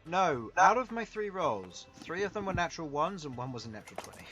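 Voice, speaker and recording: A man's voice: on the high side, sing-song, brisk, a bit bright, faint music behind. A man narrating a tabletop game as dungeon master, laughing often as he goes.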